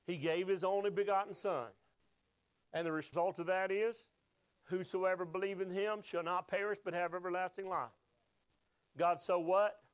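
Male pastor, fairly high voice, passionate call-and-response sermon delivery. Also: dry recording. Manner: emotional, call-and-response preaching.

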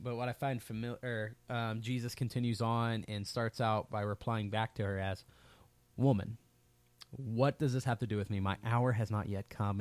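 A man's voice: fairly low pitch, darkish tone, no echo. A man in his thirties giving a sermon as a pastor, talking in a loose, conversational way with frequent fillers and restarts.

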